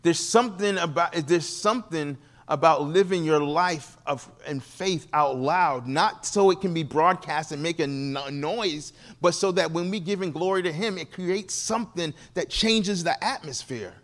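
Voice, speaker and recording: A man's voice: normal speed, few pauses. A man preaching as a guest, telling stories from the pulpit and acting out the voices of the people in them. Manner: animated, acts out quoted people with shifting pitch. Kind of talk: sermon storytelling.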